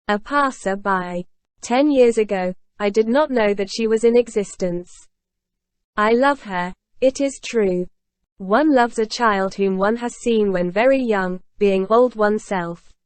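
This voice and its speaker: A woman voicing a grave, calm older male ex-convict in a storybook reading, delivered in a measured, solemn way. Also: medium pitch, no room sound, lightly acted.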